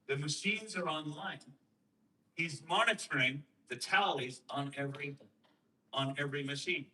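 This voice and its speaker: A man talking to a host, explaining and telling a story with emphatic rhetorical questions and lively quoted voices. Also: on the high side, moderate pace, far from the mic, poor audio. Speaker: guest speaker on election systems.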